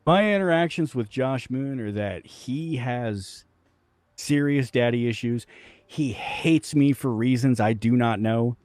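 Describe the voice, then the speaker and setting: A man's voice: mid-range voice, a little slow, a little mellow, dry recording. A middle-aged man talking casually as an interview guest, blunt and profane, laughing easily.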